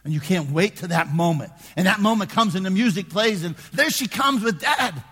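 A man preaching a sermon in a conversational way, dropping to hushed asides and rising to shouted emphasis. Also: high-pitched, animated, normal speed, slightly rough, in a large hall. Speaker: pastor.

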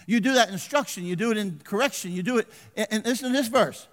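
An older man preaching a folksy sermon as pastor, swinging from loud exhortation to hushed asides and calling for amens. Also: sits high, fast. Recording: long reverb of a large hall.

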